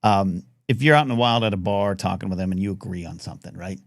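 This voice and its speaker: A man's voice: sits low, fast, no room sound, studio quality. A man hosting a casual live talk radio show, rambling and reading out chat comments. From United States.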